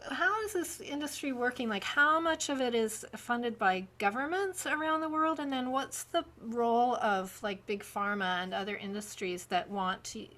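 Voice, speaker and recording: Woman podcast host, fairly high-pitched, casual rambling chat. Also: a bit bright. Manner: chatty and rambling, thinking aloud.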